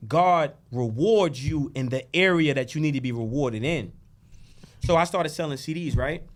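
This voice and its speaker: A male podcast guest preaches and tells stories with a foul mouth and lots of energy in a casual conversation. His high voice leaps around a lot, often dropping to a murmur before bursting out loud.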